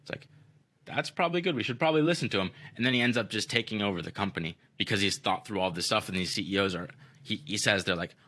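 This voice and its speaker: A man with a low, bright and forceful voice talks loosely through a story on a podcast. He swears freely, leans on "like" and acts out what people said. The delivery is relaxed, casual chat. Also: quick pace. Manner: loose and profane, heavy use of "like", acts out quotes. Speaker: podcast co-host.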